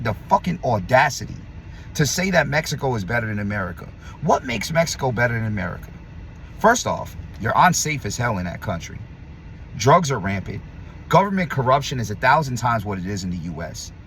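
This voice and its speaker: Speaking to camera, this male vlogger delivers a combative, profanity-laced rant, alternating between loud, punchy stresses and quiet mutters. Faint background noise sits under the audio.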